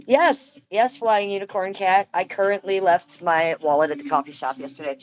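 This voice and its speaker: A woman's voice: on the low side, normal speed, poor audio. A woman chatting casually to viewers on a livestream from home over a phone, rambling through a complaint and greeting people by name. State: aching tooth. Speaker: livestream host.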